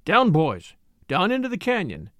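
A man voicing a gruff, bold Western ranger who barks orders with raised, emphatic delivery in an audiobook reading. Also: high voice, big pitch swings, unhurried, fairly bright tone, dry recording, clean studio sound, exaggerated voice. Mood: commanding.

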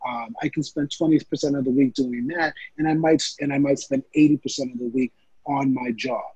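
A man's voice: mid-range voice, steady tone, a little fast, dark tone, breathy edge, dry recording, highs cut off. A man who works as a fitness trainer, answering interview questions in an earnest, casual way with lots of fillers. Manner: earnest, many fillers like um and you know.

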